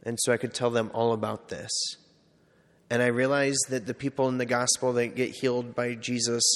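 A priest giving a casual, self-deprecating personal testimony, full of "like" and quoted asides. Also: male voice, medium pitch, flat delivery, moderate pace. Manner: conversational, self-deprecating storytelling with many "like"s. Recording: long hall reverb.

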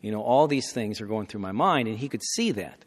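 A man in his sixties telling a folksy personal story, often clearing his throat. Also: fairly low pitch, animated, a little fast. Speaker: speaker telling a conversion story. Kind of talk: anecdotal storytelling talk. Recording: long hall reverb.

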